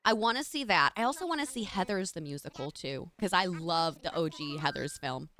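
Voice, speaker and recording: A woman's voice: fairly low pitch, lively intonation, a little fast, fairly bright tone. A young adult woman streaming live, chatting casually and gushing thanks to her chat in a bubbly way.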